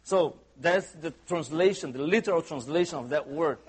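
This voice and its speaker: A man's voice: fairly high pitch, moderate pace, breathy edge. A man preaching a sermon as pastor, conversational and humorous, often asking the congregation questions. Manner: humorous asides.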